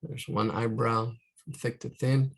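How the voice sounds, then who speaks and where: A man's voice: medium pitch, flat delivery, a little slow, creaky. A man teaching caricature drawing live, talking through each stroke, counting aloud and trailing off into muttered asides. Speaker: art instructor.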